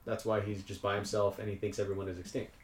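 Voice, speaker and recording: A young man with a fairly low voice talks about a film in a casual, animated way, laughing as he goes. The room around him is noticeably echoey. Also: fast talker. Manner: animated, laughs while telling stories. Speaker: podcast co-host. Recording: roomy echo.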